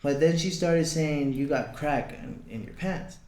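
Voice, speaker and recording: This young adult podcast guest recounts a personal story casually and bluntly, cursing and acting out quoted lines. He talks at a measured pace in a voice on the high side and a little mellow, and the room gives the sound an echo.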